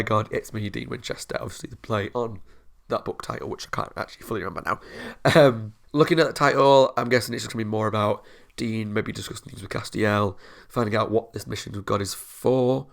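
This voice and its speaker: Young male reaction host, low gravelly voice, earnest and rambling, talks to viewers from home. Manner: earnest, rambling, laughs often. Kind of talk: casual chat to viewers.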